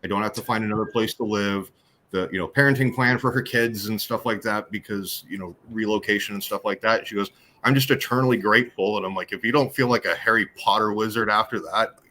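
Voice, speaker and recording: A man, a guest on a live show, telling animated, jokey stories about being hypnotized, with many restarts. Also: lowish voice, a little fast. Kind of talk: casual storytelling.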